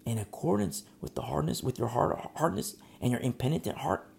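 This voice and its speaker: A male pastor preaching a sermon in an earnest, direct, confrontational way, swinging between soft near-whispers and loud emphatic lines. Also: mid-range voice, expressive, moderate pace, creaky, few pauses.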